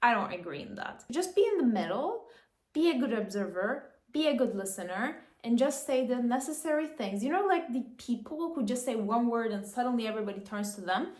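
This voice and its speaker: A woman's voice: on the high side, expressive, fairly quick. A woman vlogger giving earnest, coaching advice in casual talk to camera, often checking in with "okay?". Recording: echoey room.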